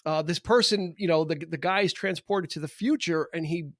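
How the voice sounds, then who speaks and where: A man in his fifties talks music on a podcast in a fairly high voice, eager and full of restarts. The sound is dry and close, with no room around him. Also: moderate pace, dry recording. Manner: enthusiastic, explains at length with many restarts. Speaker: podcast co-host. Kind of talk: casual music chat.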